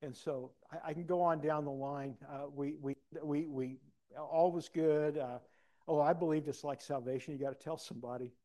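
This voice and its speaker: A man preaching a personal testimony, acting out dialogue and swinging from soft to loud. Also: a little high, moderate pace. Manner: animated, acts out dialogue, big swings in loudness. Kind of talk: sermon storytelling.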